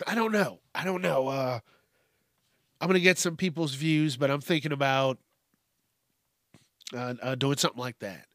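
A man's voice: mid-range voice, a little slow, pauses often, a bit bright, dry recording, studio quality. A man hosting a solo podcast, rambling and swearing, sometimes calling himself by name in the third person. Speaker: podcast host.

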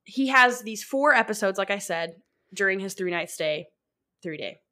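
A woman co-hosting a podcast in casual chat, rambling and excitable, filling her talk with "like.". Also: mid-range voice, normal speed. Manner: rambling, fills with "like"; excitable, laughs often. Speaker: podcast co-host.

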